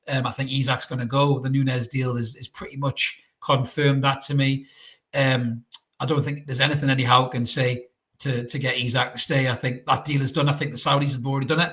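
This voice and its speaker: A man's voice: medium pitch, a bit bright. A man ranting to camera as a football fan vlogger, frustrated and blunt, swearing freely and hammering his points with repetition. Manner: repetitive and emphatic. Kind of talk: solo opinion rant to camera.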